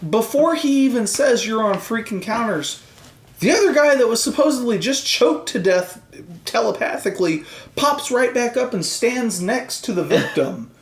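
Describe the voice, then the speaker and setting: Male podcast co-host, animated storyteller, curses freely, roomy echoey sound. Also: very high-pitched, moderate pace. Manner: rambling, animated, swears a lot, acts out quoted voices. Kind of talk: casual chat. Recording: roomy echo.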